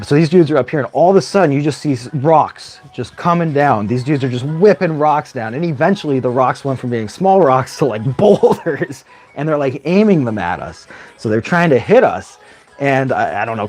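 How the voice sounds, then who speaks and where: A man's voice: medium pitch, very animated, a little fast, a little mellow. A man hosting a live stream, telling a story in a casual, rambling way and often tagging his lines with "right?". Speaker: livestream host.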